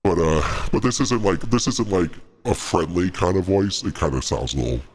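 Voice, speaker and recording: A man using a voice changer to play a menacing devil with a deep, husky voice. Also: lively intonation, normal speed, full character voice. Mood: mock-sinister. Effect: voice changer pitched down.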